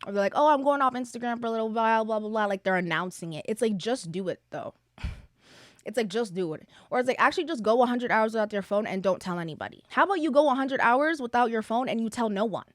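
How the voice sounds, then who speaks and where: Young female podcast host, casual and opinionated, filler-heavy, mid-pitched, dry close sound. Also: expressive, fast talker, dry recording. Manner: chatty, opinionated, frequent "like" fillers. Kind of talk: casual solo podcast chat.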